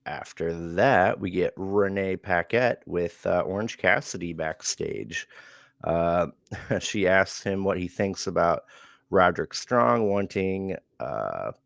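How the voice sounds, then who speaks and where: Deep, slow-talking man recapping casually. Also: gravelly, dry recording, clean studio sound. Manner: relaxed, chuckles often, many fillers. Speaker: wrestling show reviewer.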